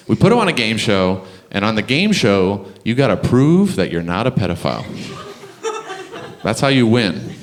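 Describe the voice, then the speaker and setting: Animated young Canadian comedian, low-pitched. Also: male voice. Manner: chatty, animated, chuckling through his punchlines. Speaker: stand-up comedian. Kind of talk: stand-up comedy set. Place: comedy club stage.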